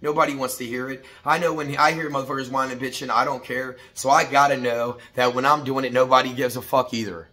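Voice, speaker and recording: A middle-aged man giving a blunt, profane morning motivational talk, preachy and repetitive, building to shouted pep-talk bursts. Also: mid-range voice, steady tone, fast, few pauses. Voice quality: profane, blunt, street-casual. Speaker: motivational vlogger.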